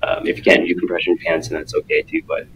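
A man talking as a guest in a casual podcast interview, a martial arts coach who speaks earnestly and acts out quotes in an animated way. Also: deep voice, fast, a little hiss or hum, rough recording.

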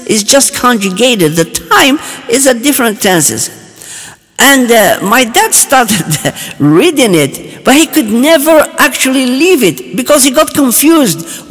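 A man with a high, very lively voice tells a personal testimony, swooping up and down as he goes and often breaking off to restart. He chuckles through the memories, and the recording rings with a long reverb. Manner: animated, chuckling, halting restarts. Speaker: storyteller.

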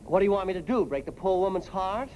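A man's voice: high voice, expressive, quick pace, lo-fi sound, slight background noise. An actor playing a flustered middle-aged father who stammers through his excuses, in 1950s sitcom style.

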